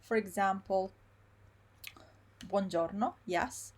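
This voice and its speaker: A woman teaching pronunciation in a live online lesson, repeating words slowly syllable by syllable. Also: medium pitch, slight background noise. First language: Italian. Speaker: Italian teacher.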